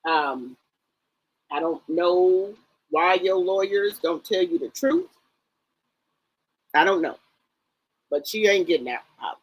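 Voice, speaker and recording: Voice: medium pitch, expressive, takes it slowly, long pauses, low-quality recording. A commentator speaking bluntly and directly, addressing the defendant in a casual commentary.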